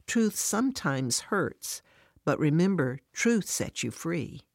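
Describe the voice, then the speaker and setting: A woman voicing a quiet, gentle Jesus. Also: low voice, sing-song, slow pace, no room sound, studio quality, full character voice. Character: gentle, patient male Jesus in a devotional story.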